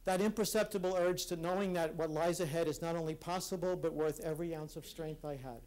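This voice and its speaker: A fairly high-voiced man, slightly mellow and fairly even in intonation, gives a personal, reflective talk to conference attendees. He is earnest but halting, often beginning sentences again, in a live recording from a hall.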